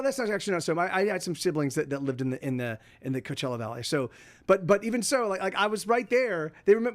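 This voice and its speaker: Middle-aged male streamer, high voice, casual rambling chat from home, lots of restarts. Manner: rambling, many restarts and fillers. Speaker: livestream host. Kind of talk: casual chat to a live audience.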